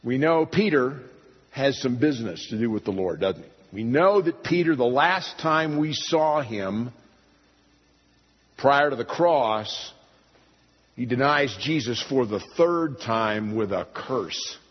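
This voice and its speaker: Husky-voiced preacher in a reverberant hall. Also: male voice, animated, slow pace. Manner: emphatic, rhetorical questions, big swings in pitch. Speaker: pastor. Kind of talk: sermon. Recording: dull recording in a reverberant hall.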